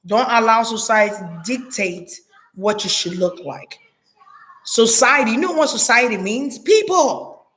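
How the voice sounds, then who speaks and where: Talking straight to her viewers, a woman vlogs in a casual, blunt, profane monologue at an unhurried pace. She laughs often, and her pitch jumps in lively ways.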